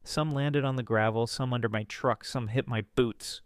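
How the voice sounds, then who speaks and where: Male storyteller, smooth and resonant, close dry mic, dramatic first-person read. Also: steady tone, normal speed, dry recording. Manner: dramatic, voices characters with pitch jumps. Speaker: story narrator.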